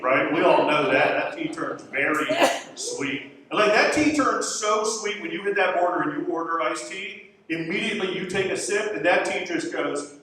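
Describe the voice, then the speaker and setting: Wry stand-up comic from Florida. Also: male voice, sits high, heavy background noise. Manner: wry, conversational, self-deprecating delivery. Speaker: stand-up comedian. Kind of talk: stand-up comedy set. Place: comedy club stage. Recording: echoey club from a distance. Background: audience laughter.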